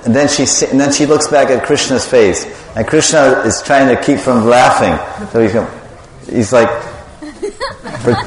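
Man telling a devotional story in a hall. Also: mid-range voice. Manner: animated storyteller, quizzes the audience, laughs often. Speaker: preacher. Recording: echoey hall with long reverb.

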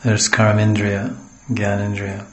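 A man's voice: on the low side, monotone, takes it slowly, roomy sound, poor audio. A man from the West giving a storytelling sermon as a spiritual teacher, wandering into homely asides and acting out what people say. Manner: digressive, homely asides, acts out quotes.

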